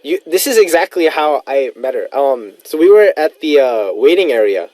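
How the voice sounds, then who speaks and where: A man hosting a casual radio chat, animated and chatty, dropping in Korean phrases. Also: fairly high pitch, moderate pace, no echo. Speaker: radio DJ host.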